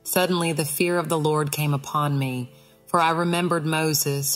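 A woman with a low-pitched voice narrates a Christian allegorical audiobook in the first person. Her reading is earnest and expressive.

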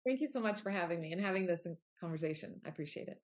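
A woman's voice: fairly low pitch, expressive, very fast, over loud music. A middle-aged woman speaking as a guest in an interview, talking earnestly and from the heart. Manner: earnest, heartfelt, with quoted asides. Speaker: author and guest. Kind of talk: candid interview conversation.

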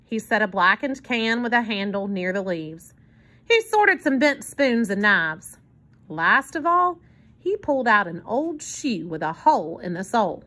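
A woman reading a children's book aloud in an expressive storytelling manner. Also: medium pitch, unhurried. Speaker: narrator.

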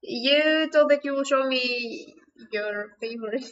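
A woman's voice: high voice, a little slow, fairly bright tone. A woman hosting a game stream, chatting and teasing casually, recorded muffled from a distance. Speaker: streamer host.

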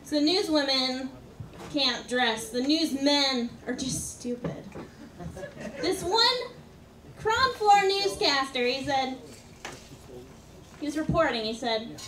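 A woman performing a stand-up comedy set on a club stage, delivering jokes deadpan with sudden loud outbursts. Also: sits high, slow pace, pauses often. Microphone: stage microphone. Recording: roomy club sound from a distance, audience and faint noise. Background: audience laughter.

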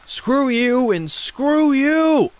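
Man voicing a furious young woman becoming a demon, piercing screams, very high, very loud, horror story reading. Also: normal speed, natural voice. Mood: enraged.

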